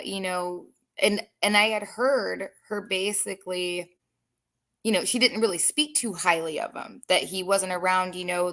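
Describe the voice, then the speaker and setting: A woman's voice: mid-range voice, a bit bright. A woman rambling as a panel guest in a casual live-stream chat, giggly and full of fillers.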